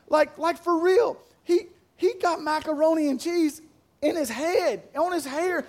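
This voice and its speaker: A young man preaching a sermon as pastor, animated, repeating words and building to emphatic shouts. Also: very high-pitched, brisk.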